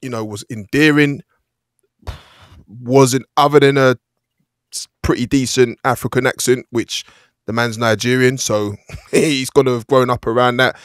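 A man's voice: mid-range voice, fairly even intonation, unhurried, long pauses, no room sound, studio quality. A man co-hosting a casual movie-review podcast, critical and hesitant, trailing off mid-thought. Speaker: podcast co-host.

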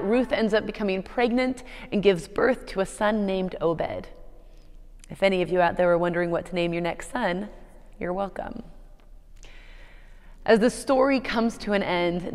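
A woman's voice: mid-range voice, long reverb tail. A woman pastor preaching a sermon, telling a story in a conversational way with playful asides.

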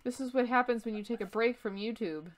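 A woman's voice: fairly high pitch, quick pace. A young woman hosting a card-opening vlog, chatting casually in a jokey, self-deprecating way. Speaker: YouTube host opening trading card packs. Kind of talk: casual chat.

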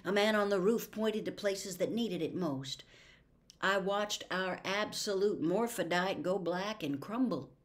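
A woman narrating a classic novel as an audiobook in a deliberate reading manner. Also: mid-range voice. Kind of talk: scripted narration.

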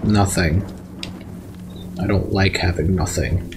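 A man hosting a casual let's play, joking and swearing loudly at the game. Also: low-pitched, takes it slowly, noisy background. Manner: swears and yells in bursts at the game. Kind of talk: casual gameplay commentary.

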